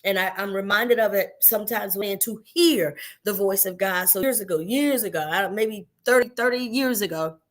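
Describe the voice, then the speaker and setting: A woman's voice: medium pitch, normal speed, few pauses. A middle-aged woman minister giving a devotional teaching, earnest and personal, repeating key phrases for emphasis. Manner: tells personal stories to the listener.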